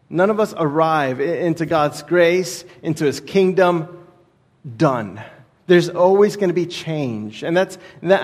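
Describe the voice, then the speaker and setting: Guest preacher, thirties, from Texas; casual storyteller, slightly high voice, long hall reverb. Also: male voice, darkish tone. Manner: casual, storytelling, with many restarts. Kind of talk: sermon with personal story. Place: church sanctuary.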